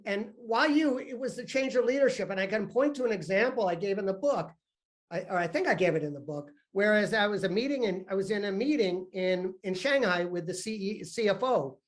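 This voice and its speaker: Older man giving an animated lecture. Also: sits high. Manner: animated storyteller who often repeats and restarts words. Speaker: investment fund founder giving a guest lecture. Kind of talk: university guest talk. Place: lecture room.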